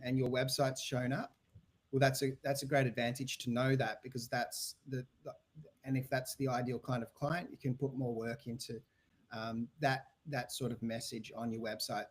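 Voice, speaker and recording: A man's voice: medium pitch, husky. An Australian man answering podcast interview questions about websites and sales, talking in a loose way full of restarts and fillers. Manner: rambling, frequent restarts and fillers. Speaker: guest, website business owner.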